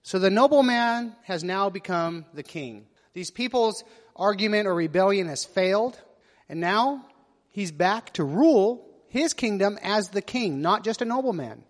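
A man's voice: high voice, lively intonation, a little slow, long reverb tail. A man preaching a sermon, reading scripture aloud and asking his listeners questions as he explains it. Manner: asks the listeners questions, reads verses with voiced quotes.

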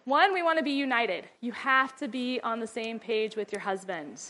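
Woman, higher-pitched, casual and chatty, acts out quotes while teaching moms. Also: lively intonation, moderate pace, bright, forceful tone. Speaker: speaker teaching mothers.

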